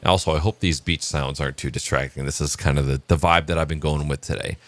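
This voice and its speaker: A man's voice: rumbling low, fairly even intonation, quick pace. A man casually telling a long joke and chatting in a morning vlog, rambling with many fillers. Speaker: vlogger.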